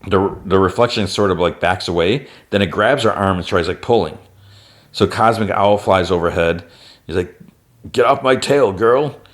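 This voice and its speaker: Man, deep low voice, podcast host, casual plot recap, lots of "like" fillers, brief higher-pitched quotes. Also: moderate pace. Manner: retells plot with constant "like" fillers; briefly raises his pitch for quoted character lines.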